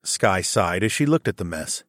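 Male first-person audiobook narrator, lowish steady voice, dry booth sound. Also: normal speed, dry recording.

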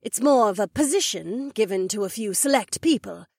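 A proud she-wolf duchess, voiced by a woman, speaks in a husky, measured way. Her tone stays grave and knowing while her pitch moves in lively swings. The sound is dry and close, as in an audiobook dialogue reading. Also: dry recording. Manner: measured, serious explaining.

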